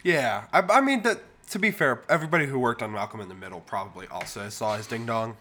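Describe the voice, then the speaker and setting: A man with a voice of middling pitch co-hosts a casual podcast. He answers with dry, wry asides and keeps the talk relaxed. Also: fast talker. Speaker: podcast co-host. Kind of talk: casual chat.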